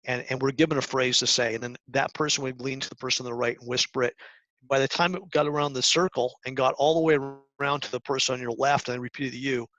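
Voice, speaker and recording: A man's voice: mid-range voice, fairly even intonation, quick pace, a bit bright. Earnest middle-aged man coaching teens. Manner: earnest, coaching, with frequent restarts and role-played examples. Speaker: guest speaker to high school students. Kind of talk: presentation talk. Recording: dull lo-fi sound.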